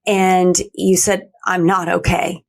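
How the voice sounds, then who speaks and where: Middle-aged woman podcast host, lowish voice, soft and reflective, lots of quiet mm-hmms. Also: flat delivery, slow pace, vocal fry. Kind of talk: conversational interview.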